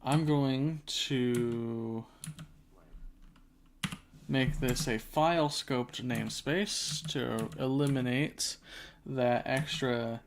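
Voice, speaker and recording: Slow, unhurried man coding live. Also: medium pitch, fairly even intonation, slight background noise. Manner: thinks aloud step by step while typing. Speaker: developer hosting a coding livestream. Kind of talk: casual live coding narration. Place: at a desk. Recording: audible keyboard typing behind.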